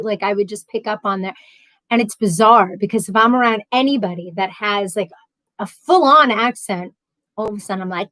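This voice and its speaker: A woman's voice: mid-range voice, brisk, fairly bright tone, no echo. A woman with a New York accent chatting casually as a livestream host, reading chat messages aloud and rambling with frequent laughs.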